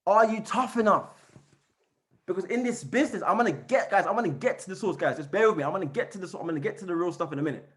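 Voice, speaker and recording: Man, high voice, fired-up motivational trainer, repeats and chants phrases, coaching over a call. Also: expressive, fast. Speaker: network marketing trainer. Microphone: call recording.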